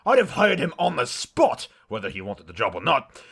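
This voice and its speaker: A man doing Saxton Hale, gravelly Australian boss. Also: mid-range voice, wildly swooping pitch, moderate pace, fairly bright tone, exaggerated voice. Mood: blustering. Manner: blustering, self-important. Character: brash boastful Australian company boss, male, middle-aged. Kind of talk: comedic mail reading in character.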